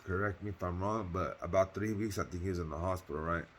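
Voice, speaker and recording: A man's voice: low-pitched, quick pace, a little hiss or hum. A man casually telling a personal story on his channel, in loose slang with cursing and lots of fillers, earnest and heartfelt.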